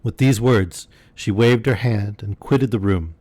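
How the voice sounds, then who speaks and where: A man calmly reading a classic novel aloud as a bedtime story. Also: fairly low pitch, measured pace, no room sound.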